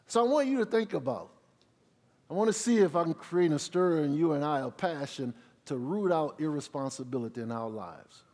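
A male pastor delivers a sermon in call-and-response style, tossing questions back to his congregation. He sinks into quiet asides and then rises loud on the words he wants to land. His slightly high voice rings with the long reverb of a large hall. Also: expressive, moderate pace. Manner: drops low for asides, rises loud on emphasis.

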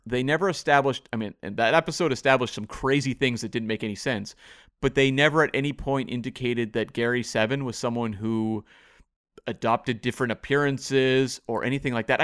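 A man co-hosting a casual podcast, talking in a thoughtful, measured, hedging way. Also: medium pitch, fairly bright tone, no echo, studio quality. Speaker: podcast co-host. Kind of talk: casual discussion of a TV episode.

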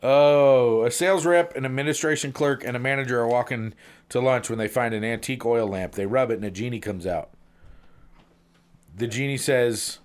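A man casually telling long jokes as a podcast co-host, playful, jumping up in pitch for the characters in them. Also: normal speed.

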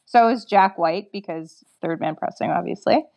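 A woman's voice: lowish voice, moderate pace, gravelly, lo-fi sound. A woman from Canada, a guest in a casual interview, who tells a story in a chatty way, acts out her own past lines and says "like" often. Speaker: interview guest, record maker.

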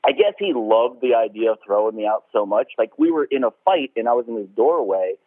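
A man's voice: medium pitch, sing-song, a little fast, no echo. Casual swearing man on a phone-like line. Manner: laid-back, swears often, laughs while telling stories. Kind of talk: casual chat.

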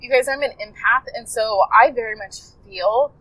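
A woman's voice: on the high side, normal speed, a bit bright, no room sound, low-quality recording. Rambling heartfelt woman coach. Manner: rambling, self-correcting, heartfelt. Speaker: health coach podcaster. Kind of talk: casual storytelling to listeners.

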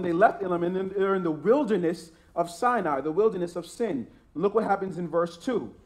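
A man's voice: high voice, darkish tone. A man preaching a sermon as a pastor, emphatic and repetitive, with frequent restarts.

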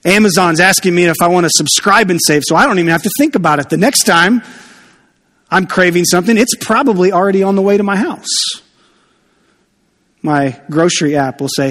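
High-voiced animated pastor in reverb. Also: male voice, fairly quick. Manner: chatty and animated, jokey asides. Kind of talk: sermon. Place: church.

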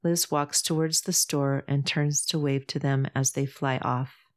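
Woman, low voice, audiobook narration, steady, even. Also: measured pace. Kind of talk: scripted narration.

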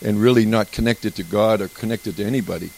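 A man's voice: on the low side, quick pace, gravelly, darkish tone, slight background noise, rough recording. A man sharing a personal story at a recovery group meeting, speaking in a rambling, conversational way with restarts. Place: retreat meeting room.

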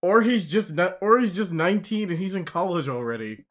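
A man's voice: high voice, big pitch swings, fairly quick. A man co-hosting a casual movie podcast, chiming in with knowledgeable details. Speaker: podcast co-host. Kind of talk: casual chat.

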